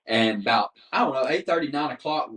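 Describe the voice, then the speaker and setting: A man, telling stories as a guest in casual podcast chat, animated and laughing often. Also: medium pitch, fairly quick. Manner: animated, laughs often, says "dude" a lot. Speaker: guest hunter. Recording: roomy, distant mic.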